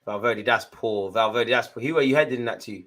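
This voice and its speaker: A young man hosting a live football watchalong, giving chatty, jokey running commentary full of slang, jumping between excited outbursts and low muttered asides. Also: brisk. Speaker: fan watchalong host.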